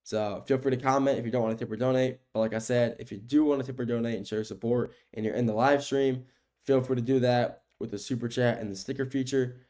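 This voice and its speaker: A man's voice: mid-range voice, fast talker. Rambling young man hosting a sports podcast. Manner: rambling, repeats himself, many fillers and restarts; grows excited when talking about the game. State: sleepy, keeps yawning. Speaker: podcast host. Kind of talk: casual sports podcast monologue.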